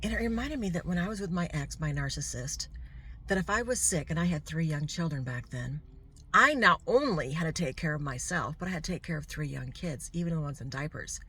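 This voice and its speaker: A woman's voice: sits low, lively intonation, fairly quick, a bit bright, husky. A middle-aged woman vlogger telling a personal story to camera, candid and heartfelt, with asides to the viewer.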